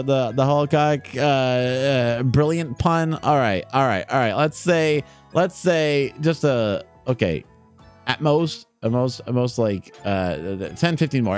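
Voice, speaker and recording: A man chatting casually on a live stream, rambling, repeating words and trailing off as he reacts to his old clips. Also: on the high side.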